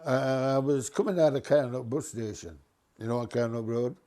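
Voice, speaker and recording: A man's voice: mid-range voice, moderate pace, warm tone. An older man, a retired bus driver recalling anecdotes and chuckling as he tells them. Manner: chuckling, jumps into voices for quoted people. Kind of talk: reminiscing anecdote.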